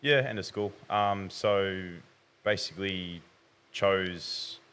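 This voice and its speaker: Deep-voiced young man, measured. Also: a bit bright, clear, resonant tone. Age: young adult. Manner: measured, hedging with "I'd say". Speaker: podcast guest. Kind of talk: casual interview.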